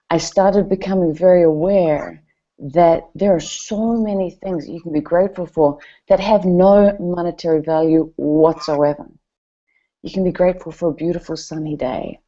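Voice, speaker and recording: A middle-aged New Zealand woman shares personal stories with an audience at an event, taking her time. Her low voice is warm and relaxed, and she's animated, expressive and chatty, full of fillers, though the recording is dull and lo-fi.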